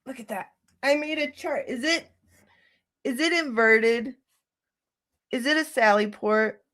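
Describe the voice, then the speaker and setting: A woman hosting a casual livestream, gushing and excitable, gasping and laughing often. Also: high voice, measured pace, dry recording. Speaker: livestream host.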